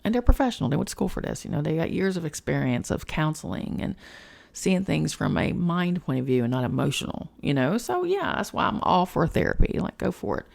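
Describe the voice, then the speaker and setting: A woman's voice: low voice, big pitch swings, brisk, vocal fry, darkish tone. A woman hosting a spiritual podcast, talking in a frank, emotional personal monologue, swearing freely and chatting with lots of fillers.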